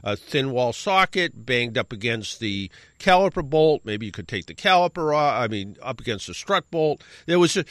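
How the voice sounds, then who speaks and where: Lively, bright-voiced middle-aged man rambling. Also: mid-range voice, no room sound, clean studio sound. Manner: rambling, self-correcting anecdote with wry asides. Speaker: radio show host. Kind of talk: casual storytelling.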